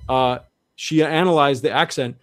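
A man's voice: medium pitch, unhurried, dry recording, studio quality. A man speaking as a guest in an interview, earnestly laying out an argument step by step with frequent restarts. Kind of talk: conversational interview explanation.

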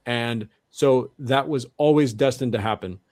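A man talks in an even middle register, working through his points with earnest, repeated restarts. The sound is dry and close, with no room around it. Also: medium pitch, a little slow, no room sound. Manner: earnest, restarts often, builds argument step by step. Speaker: guest. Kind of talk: conversational interview explanation.

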